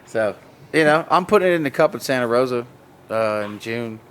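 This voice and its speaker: A man's voice: mid-range voice, expressive, fairly quick, clear, resonant tone. A man in casual podcast chat who rambles and jokes about plant breeding, often laughing. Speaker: cannabis breeder and show guest.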